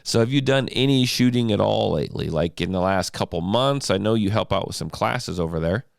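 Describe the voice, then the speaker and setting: A man's voice: fairly low pitch, lively intonation, a little fast, gravelly, no room sound. A man hosting his own podcast from a home studio, chatting loosely and laughing easily while he has a cold. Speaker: podcast host. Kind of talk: casual chat.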